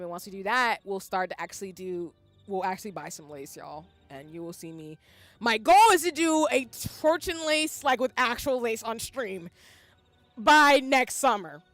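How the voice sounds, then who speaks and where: A young woman, chatting casually on a livestream while she works on lace, saying y'all a lot and breaking into excited squeals. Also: mid-range voice. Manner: chatty, says "y'all" often, bursts into squealing yells. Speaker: streamer.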